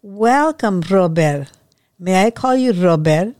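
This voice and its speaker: A woman voicing a chatty, soft-spoken young female dance instructor who rambles and apologizes. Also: mid-range voice, a little slow, no room sound, studio quality, voice pushed up, natural voice. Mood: friendly.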